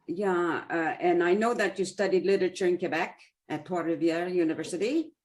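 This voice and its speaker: A woman hosting an interview over a video call, chatty and quick to apologize, with self-deprecating asides. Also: lowish voice. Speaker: interview host. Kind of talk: casual conversational interview.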